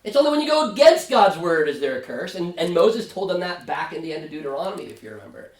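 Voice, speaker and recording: A man pastor teaching a Sunday school Bible study, animated, acting out biblical characters in quick asides. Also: high voice. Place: church classroom. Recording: echoey room, mic at a distance.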